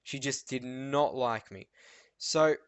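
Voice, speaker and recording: A teenage boy vlogging an animated rant about school, telling stories with lots of fillers and restarts. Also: medium pitch, slow, smooth, no room sound. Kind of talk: ranting monologue vlog.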